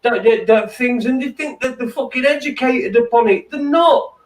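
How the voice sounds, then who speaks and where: A man's voice: very high-pitched, moderate pace. A man hosting a casual late-night chat show, rambling and stammering with plenty of swearing. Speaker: host. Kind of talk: casual banter. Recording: distant from the mic.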